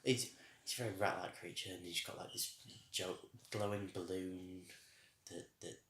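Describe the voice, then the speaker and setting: A man with a low voice co-hosts a casual review podcast. He rambles, trailing off and starting his sentences over. The sound is roomy and echoey. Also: fairly even intonation, moderate pace, a bit bright, a little hiss or hum. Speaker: podcast co-host.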